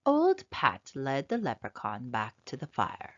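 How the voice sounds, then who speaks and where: A woman reading a children's picture book aloud with expressive, dramatic narration. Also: rumbling low, measured pace, over loud music. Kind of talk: storybook read-aloud narration. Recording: slightly dull, dry lo-fi sound.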